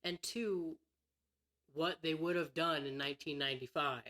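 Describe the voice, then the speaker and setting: A man's voice: fairly high pitch, fairly even intonation, moderate pace, bright, forceful tone. A man co-hosting a podcast in casual chat, opinionated and emphatic. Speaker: podcast co-host.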